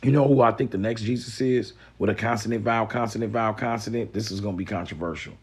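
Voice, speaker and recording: Man, low-pitched, streaming a profane, preachy lecture with lots of energy. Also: fairly even intonation, fast, low-quality recording. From Mississippi Delta. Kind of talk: casual live-stream monologue.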